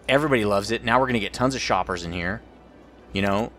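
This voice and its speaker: A man's voice: fairly low pitch, fast talker, a bit bright, faint music behind. A man rambling through let's play commentary as the host of a gaming channel, joking about his own mistakes.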